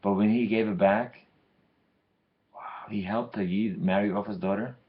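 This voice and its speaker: A man voicing a wise elderly rabbi who gives calm advice in a told story. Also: on the low side, normal speed, phone-quality sound, lightly acted. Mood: instructive.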